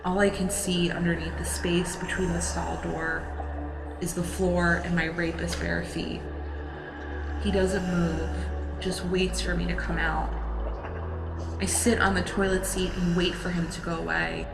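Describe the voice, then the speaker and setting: A woman giving a slow, solemn scripted voice-over narration for a documentary. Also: on the low side, little pitch movement, vocal fry. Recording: voice-over with music behind.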